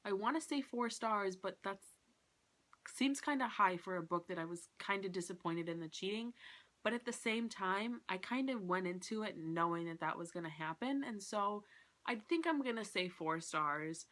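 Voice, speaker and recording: Bright-voiced woman reviewing a book. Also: mid-range voice, moderate pace. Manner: animated retelling, acts out quotes, many "like"s. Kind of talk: casual vlog book review.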